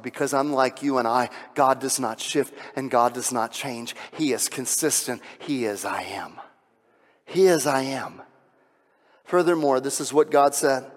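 Conversational preacher in a reverberant hall. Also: male voice, mid-range voice. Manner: conversational preaching, drops to a hush on solemn lines, builds loud on climaxes. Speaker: pastor. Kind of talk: sermon.

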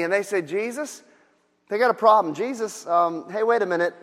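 A male pastor with a very high voice delivers an animated sermon. He swings from loud outbursts to quiet storytelling. The room has a long, ringing reverb. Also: normal speed.

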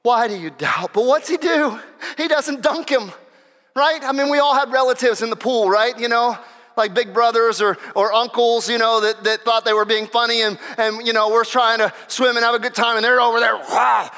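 A man preaching a sermon in an animated way, stumbling over restarts and acting out the quotes he tells. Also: very high-pitched, normal speed. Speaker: pastor. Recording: long reverb of a large hall.

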